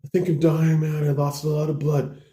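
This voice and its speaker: A man's voice: fairly high pitch, level tone, fairly quick, warm tone, pitched above the performer's own voice, close to an everyday voice. A man voicing a hurt young male hunter who talks in slang and groans weakly. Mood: weepy. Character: hurt young male bro, dazed and weak. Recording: roomy echo.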